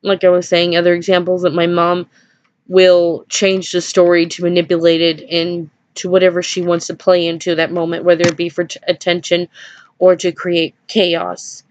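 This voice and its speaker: A woman's voice: fairly low pitch, completely flat delivery, normal speed, no echo. Hesitant woman vlogger, dull lo-fi sound. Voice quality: hesitant, many fillers and small nervous laughs. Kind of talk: casual personal storytelling. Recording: dry dull lo-fi home recording.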